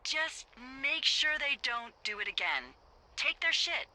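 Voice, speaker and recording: Delilah, wry lookout boss over radio. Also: female voice, high-pitched, big pitch swings, measured pace, bright, forceful tone, full character voice, poor audio. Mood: alarmed bossy. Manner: playful, sarcastic, swears freely. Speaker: fire lookout supervisor. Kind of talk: video game dialogue.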